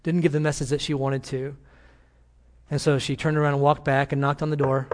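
Earnest pastor preaching with higher voice. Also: male voice, flat delivery, brisk, darkish tone. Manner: earnest storytelling, emphatic exhortation. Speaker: senior pastor. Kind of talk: sermon. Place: church before a congregation.

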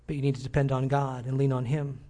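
A pastor closing a church service with a Bible verse and a gentle, earnest prayer to the congregation. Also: male voice, medium pitch, flat delivery, fast.

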